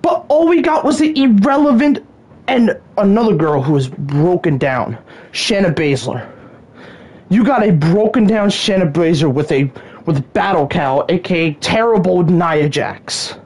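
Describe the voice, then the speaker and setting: A woman's voice: on the low side, animated, a little slow, darkish tone, husky. A woman hosting a podcast, ranting in exasperation, often sighing and stammering. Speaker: podcast host. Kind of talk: solo wrestling rant podcast.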